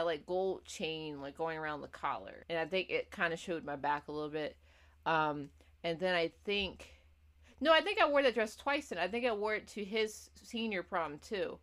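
A woman co-hosting a podcast, talking casually and playfully with lots of filler phrases. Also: on the low side. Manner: chatty, fillers like "not even lie", playful. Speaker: podcast co-host. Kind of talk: casual chat.

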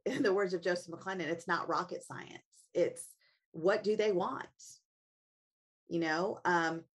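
A middle-aged woman who works as a family coach and author speaks earnestly as an interview guest, telling personal stories and posing reflective questions to herself. Her voice is lowish and slightly rough.

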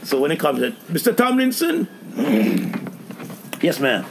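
A man recounting a story with lots of animation, his pitch leaping up and down and a gravelly edge to his voice. He laughs through parts of it. There is clear hiss and noise on the recording. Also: huge pitch swings, fairly quick. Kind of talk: casual chat.

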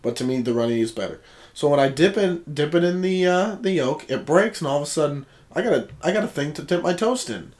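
A man's voice: on the high side, animated, fast, darkish tone. A man co-hosting a casual podcast, talking in a laid-back, joking way. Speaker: podcast co-host. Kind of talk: casual chat.

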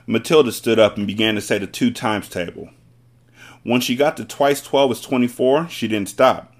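A man's voice: medium pitch, normal speed. A man hosting a podcast, reading a children's book aloud with casual asides to listeners. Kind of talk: storybook read-aloud.

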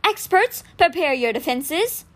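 A woman voicing an enormous, commanding female stone statue who teaches, giving booming, slow commands. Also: big pitch swings, a bit bright, exaggerated voice.

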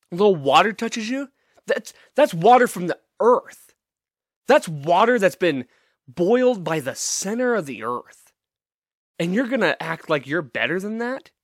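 A man hosts his own podcast in a casual comedic monologue, ranting with profanity and heavy sarcasm. His voice sits a bit high and swings widely in pitch. The sound is dry and close, with no room echo. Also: fairly bright tone. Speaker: podcast host.

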